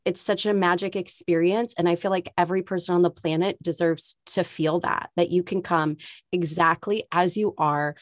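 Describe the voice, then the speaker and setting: Woman podcast host, emotional and gushing, lowish voice, dry close mic. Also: fairly even intonation, moderate pace, no echo. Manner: effusive and warm-hearted, laughs often. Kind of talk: podcast interview.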